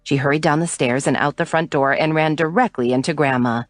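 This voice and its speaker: A woman narrating a romance audiobook in an expressive reading. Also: low-pitched, brisk, dry recording, clean studio sound, faint music behind.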